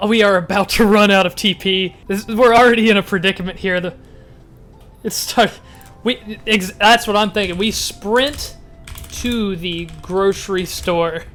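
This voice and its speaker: A man casually commenting as he reads a text adventure game aloud, getting excited and laughing often. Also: high-pitched, a little slow, soft background music. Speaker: gaming YouTuber.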